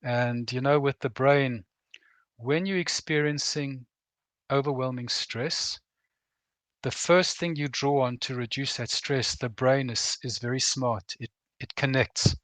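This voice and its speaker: Speaking earnestly as a veterans' program guest, a middle-aged man offers reflective, plain talk and acts out quoted lines here and there. His mid-range voice is unhurried and fairly bright, in a dry recording.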